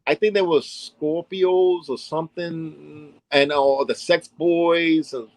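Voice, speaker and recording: A man with a New York accent tells stories in an animated way and slips into other voices as he goes. His voice sits a little high for a man. The sound is dry and close. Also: takes it slowly, no echo, rough recording. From Brooklyn, New York. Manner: animated storyteller, acts out voices, many "you know what I'm saying". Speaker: interview guest, hip hop dance pioneer. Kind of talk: storytelling interview.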